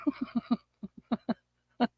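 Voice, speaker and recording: A woman's voice: very slow, no room sound, lo-fi sound. A woman hosting a casual livestream chat, folksy and joking. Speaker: livestream host.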